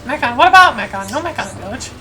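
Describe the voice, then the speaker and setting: A woman's voice: on the high side, rapid-fire, poor audio. Woman doing a bouncy boastful little creature. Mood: excitable. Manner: broken childlike grammar, excitable. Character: small boastful fluffy male creature, cheerful. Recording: game music behind.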